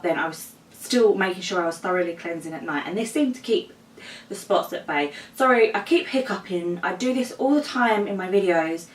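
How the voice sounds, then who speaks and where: A woman's voice: medium pitch, a bit bright. A young woman, heavily pregnant and a little out of breath, chatting casually to camera in a vlog with lots of ums and likes. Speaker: vlogger. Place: home room, mower outside. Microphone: camera mic. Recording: echoey room, camera a bit far.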